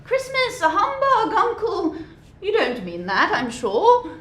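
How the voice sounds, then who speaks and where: A woman voicing a cheerful young man, a merry nephew, speaking eagerly and loudly. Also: sits high, big pitch swings, measured pace, pitched above the performer's own voice, exaggerated voice. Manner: bright, eager, loud. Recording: echoey room.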